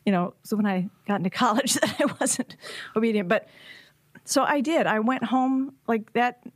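A woman guest in a casual chat, telling a personal story in an animated way with frequent laughs. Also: a little high, moderate pace, no echo, clean studio sound. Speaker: podcast guest.

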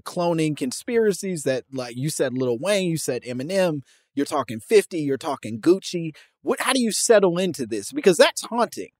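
A man's voice: a little high, a little mellow, dry recording, clean studio sound. A man hosting a casual conversational interview, asking probing, amused questions and laughing often.

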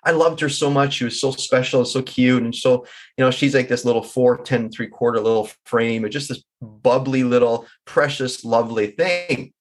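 A man's voice: mid-range voice, moderate pace. A middle-aged man telling his personal story in an interview, reflective and candid, with an occasional stammer. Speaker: guest.

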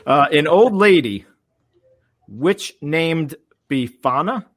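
A man's voice: a little high, animated, slow pace, a bit bright, no room sound, clean studio sound. A man co-hosting a podcast, reading trivia questions in casual chat and mumbling at the ends of sentences.

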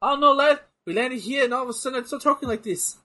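A man's voice: extremely high pitch, fast, bright, forceful tone, voice pushed up. A man putting on an exaggerated, wandering British accent to play a cheeky male traveler. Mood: giddy. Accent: put-on British. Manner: exaggerated, laughing, all over the place.

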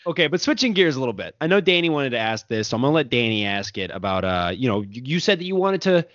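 A man's voice: medium pitch, big pitch swings, quick pace, a bit bright, no echo. A man hosting a podcast interview, rambling through his questions with lots of fillers and frequent laughter. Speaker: podcast host. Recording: dry, dull lo-fi sound.

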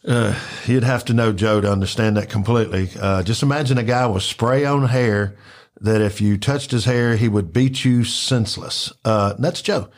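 A man's voice: lowish voice, moderate pace. A man telling rambling stories in casual chat, full of fillers and acted-out quotes. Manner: rambling, animated, acts out quotes with filler words. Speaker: storyteller recalling work at a club.

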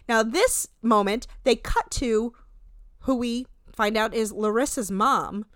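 A woman in her thirties chatting casually on a podcast, retelling a TV show in an animated way. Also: no room sound, studio quality. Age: 30s. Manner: animated retelling, shifting quickly between pitches. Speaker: podcast co-host. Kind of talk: casual chat recapping a TV show.

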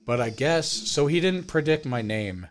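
Homme conteur animé et grossier. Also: male voice, on the high side, measured pace. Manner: animated storyteller, swears freely, mimics people he quotes. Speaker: podcast co-host. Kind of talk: casual storytelling chat.

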